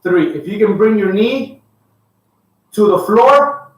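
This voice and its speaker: A fitness coach leading a live workout, counting reps aloud and giving upbeat cues. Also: male voice, high voice, expressive, takes it slowly. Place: home workout space with a dog. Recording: echoey room, far from the mic.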